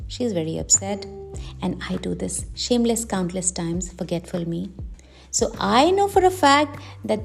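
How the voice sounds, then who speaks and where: A woman presenting a communication lesson in a conversational way, asking rhetorical questions and slowing down for emphasis. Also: mid-range voice, lively intonation, creaky, soft background music. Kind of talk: explainer talk to camera.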